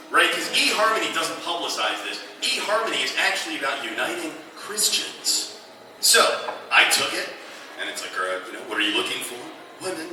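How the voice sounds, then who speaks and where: Deadpan stand-up comic man in echoey club. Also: a little high, background noise. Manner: deadpan, ironic storytelling with quoted asides. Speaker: stand-up comedian. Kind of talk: stand-up routine. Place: comedy club stage before a live audience. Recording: echoey club room, from a distance, audible audience.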